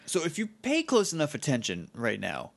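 A man's voice: a little high, huge pitch swings, vocal fry. A man co-hosting a podcast, chatting casually and playfully. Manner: playful, quick to laugh. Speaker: podcast co-host. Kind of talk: casual chat.

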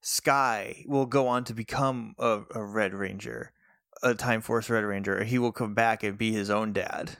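A man's voice: on the low side, steady tone, moderate pace, vocal fry, fairly bright tone, no echo. A man co-hosting a casual podcast, laid-back and laughing along, tossing in dry jokey asides. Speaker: podcast co-host.

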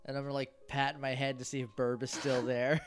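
A man's voice: medium pitch, level tone, a little fast, music in the background. A man playing a tabletop game, rambling casually and filling his talk with "like". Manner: rambling, filler-heavy with lots of "like". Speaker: player.

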